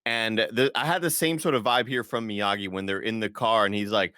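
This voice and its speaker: A man's voice: lowish voice, brisk, hardly any pauses, pushed and bright, clean tone, no room sound, clean studio sound. A man chatting casually on a podcast, rambling and acting out movie lines. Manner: rambling, acts out quotes. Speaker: podcast co-host. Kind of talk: casual chat.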